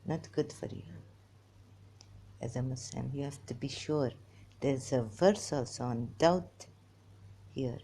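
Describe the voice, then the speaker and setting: Very low-voiced woman vlogging slowly. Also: mellow, a little hiss or hum. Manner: halting, giggly, restarts and trails off often. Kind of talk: rambling personal monologue to camera.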